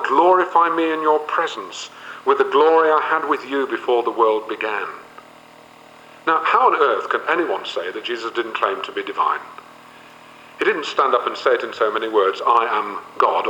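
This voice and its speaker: A man leading a Bible study, reading passages aloud and then unpacking them with the odd "uh" and "um". His voice sits fairly low but has a bright, forceful edge. The recording is roomy, with a long hall echo and a faint hiss behind him. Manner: reads scripture aloud, explains with fillers. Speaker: Bible teacher.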